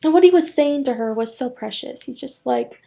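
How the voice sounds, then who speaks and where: Female reaction host, slightly high voice, excitable and rambling, laughs a lot. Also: moderate pace, vocal fry. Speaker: anime reaction channel host. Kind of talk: casual reaction commentary.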